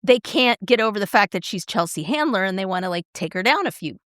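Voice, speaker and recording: A woman's voice: mid-range voice, lively intonation, fast, fairly bright tone, no echo, clean studio sound. A middle-aged woman co-hosting a podcast, chatting casually and retelling stories with lots of "like" and "right?". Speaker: podcast co-host. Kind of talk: casual chat.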